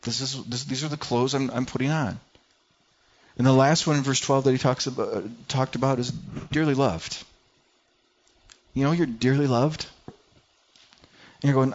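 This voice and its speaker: A male pastor from Michigan delivering an earnest, conversational sermon in a voice a little higher than most men's. He drops to soft murmurs and then rises to loud declarations. The recording sounds dull and lo-fi. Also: moderate pace. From Michigan, USA.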